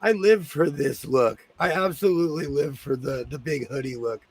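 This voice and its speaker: Fast-talking Southern Californian man, husky. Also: a little high. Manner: fast-talking, animated, playful. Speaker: sewing channel host. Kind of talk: casual group video chat.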